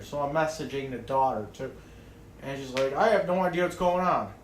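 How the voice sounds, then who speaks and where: A man's voice: a little high, normal speed, fairly bright tone, reverberant, slight background noise. A man ranting casually to camera in a rambling way, swearing often and restarting his sentences. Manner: rambling, profane, many restarts and fillers. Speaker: vlogger.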